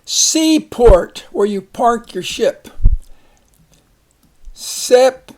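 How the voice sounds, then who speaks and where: A man teaching a phonics lesson, slowly reading words, splitting syllables and giving example sentences. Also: extremely high pitch, expressive. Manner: slow, deliberate, repeats each word and splits syllables.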